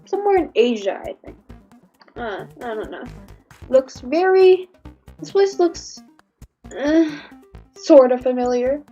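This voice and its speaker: Giggly woman streamer, high voice, keeps restarting sentences, faint music behind. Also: expressive, slow, pauses often, warm tone, highs cut off. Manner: rambling and giggly, lots of restarts. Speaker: livestream host. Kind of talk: casual reaction livestream.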